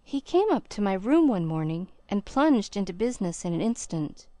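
A woman narrating a classic story as an audiobook in a measured, formal way. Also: mid-range voice, big pitch swings, warm tone, no room sound.

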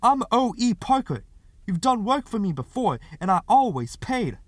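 A man's voice: mid-range voice, moderate pace, pushed and bright, no echo, lightly acted. A man voicing a desperate, shaken young man who speaks breathlessly and indignantly.

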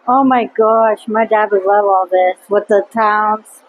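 A woman's voice: mid-range voice, steady tone, slow, narrow, tinny audio, soft background music. A woman in casual vlog chat at an indoor museum exhibit, eagerly pointing out small details. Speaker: vlog co-host.

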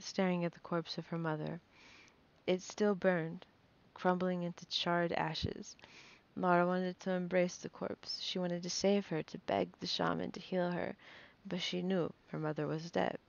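A woman reads a fantasy novel aloud in a low, gravelly voice, sounding nervous and often stumbling and correcting herself. The recording is dull and lo-fi.

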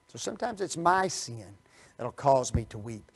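A man preaching a Bible study sermon, firing rhetorical questions at his listeners and swinging from quiet asides to loud, emphatic bursts. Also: mid-range voice, measured pace, vocal fry, slightly rough. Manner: animated, rhetorical questions to the audience.

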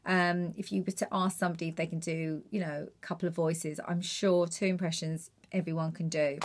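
A woman's voice: lowish voice, level tone, fairly quick, a little hiss or hum. A chatty, encouraging Geordie woman impressionist giving a tutorial on doing impressions.

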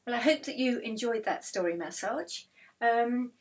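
A woman trainer reading a rhyming children's story in a slow, soothing, clear way, then talking about her programme. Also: fairly high pitch, expressive.

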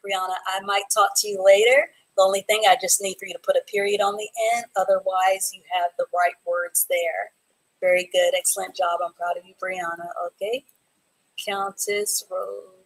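A woman teaching a live online reading class, reading students' sentences from the chat and praising them slowly and clearly. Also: mid-range voice, flat delivery, low-quality recording. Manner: encouraging, slow and clear, praising students by name.

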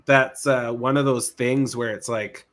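A man co-hosting a podcast in casual chat, animated, swearing freely and laughing often. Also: mid-range voice, unhurried. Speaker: podcast co-host.

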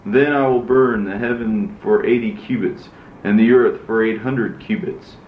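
A man voicing God as a stern male divine judge, in a measured, solemn reading. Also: fairly low pitch, slight background noise, close to an everyday voice. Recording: roomy, dull lo-fi recording.

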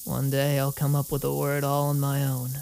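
A man voicing a childlike male android in a slow, low, monotone deadpan. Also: creaky, slight background noise, close to an everyday voice. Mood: deadpan curious.

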